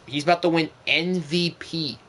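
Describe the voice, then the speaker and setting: A man's voice: a little high, fairly even intonation, normal speed, fairly bright tone. A young man streaming a football video game, giving casual gameplay commentary in an exasperated, ranting way.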